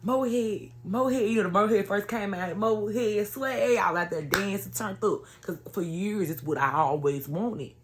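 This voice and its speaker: A woman's voice: mid-range voice, normal speed, hardly any pauses, noisy background. A woman telling an emotional personal story to her viewers in an earnest, conversational way. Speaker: vlogger sharing a personal testimony.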